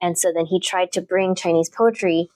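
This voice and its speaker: A woman's voice: fairly low pitch, fairly even intonation, moderate pace, darkish tone, no room sound. A woman who teaches literature, chatting thoughtfully in an interview with plenty of fillers and restarts. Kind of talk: casual interview talk.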